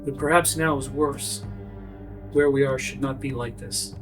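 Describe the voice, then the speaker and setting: A man voicing a solemn older male priest who speaks in a grave, measured way. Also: mid-range voice, fairly even intonation, over music, pitched below the performer's own voice, close to an everyday voice.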